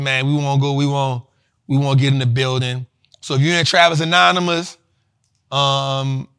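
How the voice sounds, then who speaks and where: A male host talks stocks to his live chat in loose slang, repeating lines as he rallies viewers. His voice sits a little high and comes across bright and forceful. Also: smooth. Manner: slangy, animated, repeats himself. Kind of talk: livestream finance talk.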